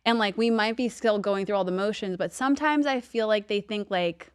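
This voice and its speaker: A woman's voice: mid-range voice, brisk, smooth, no echo, studio quality. A woman in her thirties from Long Island with a light Long Island accent, chatting casually as a podcast guest, with many "like" fillers. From Long Island, New York. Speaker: podcast guest, TV lifestyle host. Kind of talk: casual chat.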